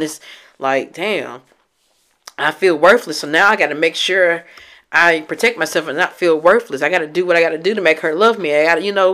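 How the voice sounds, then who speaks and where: A woman's voice: lowish voice, a bit bright. A young adult woman talking candidly to her viewers about her healing journey, teary from having just cried. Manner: candid, emotional, speaks straight to her viewers. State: teary from recent crying. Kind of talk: casual heartfelt talk to camera.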